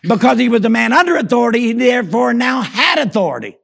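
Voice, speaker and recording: A pastor preaching with a high, gravelly voice. He punches key lines up to a shout, then sinks into near-whispered asides, and keeps calling on the congregation with a quick "Amen?". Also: very animated. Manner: emphatic preaching, repeated call-and-response "Amen?"; rises to shouts for emphasis, drops low and soft. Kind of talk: sermon.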